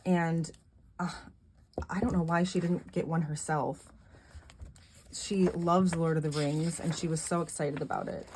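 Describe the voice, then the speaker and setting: A middle-aged woman vlogger chatting casually and gushing softly about gifts, laughing often. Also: low-pitched, steady tone, a little slow, pauses often, background noise. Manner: soft-spoken and gushing, with frequent laughs. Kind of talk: casual chat showing gifts.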